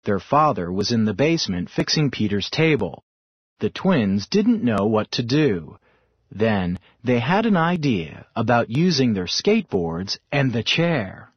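A man reading a children's story aloud in a measured, expressive way, on a dull lo-fi recording. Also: mid-range voice, breathy edge, dry recording. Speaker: story narrator. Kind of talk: scripted storybook narration.

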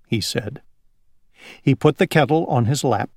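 A woman, whose first language is Chinese, reading an English picture book aloud to children in a slow, expressive way. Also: extremely low pitch, no echo, clean studio sound.

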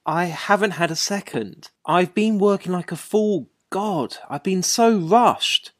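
In a studio-quality, dry recording, a woman with a lowish voice reads the part of Jack in a dialogue drama, speaking unhurriedly. Jack is a careless, impatient man on a bad long-distance phone line, and she plays him brusque, offhand and easily irritated.

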